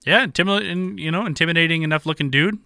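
A man's voice: on the high side, vocal fry, smooth, no echo, clean studio sound. A man co-hosting a podcast, chatting casually about movie casting with frequent restarts. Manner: relaxed, halting, lots of restarts. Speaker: podcast co-host. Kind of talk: casual movie-recasting chat.

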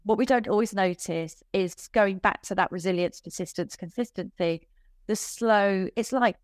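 A woman's voice: medium pitch, moderate pace, no echo. Woman coach chatting on a podcast, laughs a lot, goes off on little tangents, dry close sound. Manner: chatty, laughs easily, self-deprecating asides. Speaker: business coach guest. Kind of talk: casual podcast interview.

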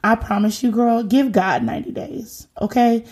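A woman in her thirties hosting a faith podcast, talking in a lively, slangy, encouraging way. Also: on the high side, moderate pace. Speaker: podcast host. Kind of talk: casual faith talk.

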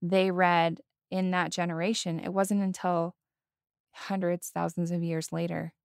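Woman, low voice with vocal fry, earnest and emotional, near tears, dry close sound. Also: little pitch movement, unhurried, no echo. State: holding back tears. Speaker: podcast co-host. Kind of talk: casual testimony chat.

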